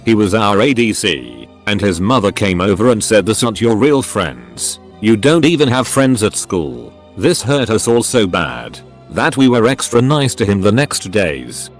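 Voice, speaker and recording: A man with a fairly low voice reads short stories aloud in a scripted narration. His pitch moves a lot, rising and falling through each sentence. Faint music plays behind him. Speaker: narrator reading online stories. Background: faint background music.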